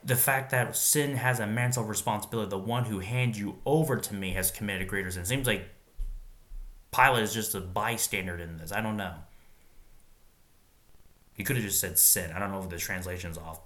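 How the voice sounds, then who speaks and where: Deep bright-toned man reading scripture. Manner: reads scripture aloud, then pauses to muse and wonder aloud. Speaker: Bible reader and commentator. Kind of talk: Bible reading with informal commentary.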